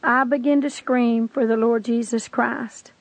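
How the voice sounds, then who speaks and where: Woman narrator, earnest and intense testimony, higher voice, dry and close. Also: steady tone, measured pace, dry recording, low-quality recording.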